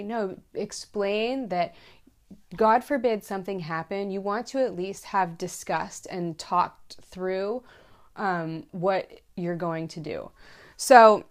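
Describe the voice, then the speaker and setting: A woman's voice: mid-range voice, measured pace. A woman in her thirties giving safety advice to other moms in a casual, earnest way, repeating her key points for emphasis. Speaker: mom vlogger giving safety tips. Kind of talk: casual direct-to-camera advice.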